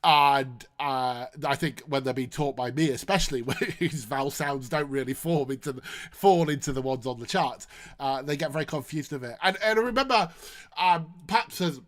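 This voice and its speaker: A man's voice: mid-range voice, normal speed, a bit bright. A man hosting a casual teaching podcast, playful and self-mocking, often stumbling and restarting. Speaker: podcast host, English teacher. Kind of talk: casual discussion.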